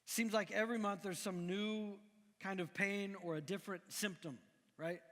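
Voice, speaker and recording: A middle-aged man from Missouri preaching a conversational sermon, animated and full of restarts. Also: sits high, moderate pace. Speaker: pastor. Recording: long echoing hall reverb.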